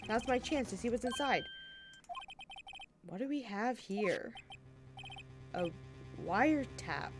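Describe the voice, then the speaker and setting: A woman's voice: medium pitch, lightly acted. Woman reading as an earnest young defense lawyer. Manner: earnest, determined, reading dialogue aloud.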